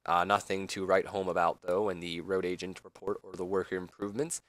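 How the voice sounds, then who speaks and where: A man's voice: sits low, flat delivery, brisk, fairly bright tone, dry recording. A man doing casual game commentary, rambling with fillers and side remarks. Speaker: let's play commentator.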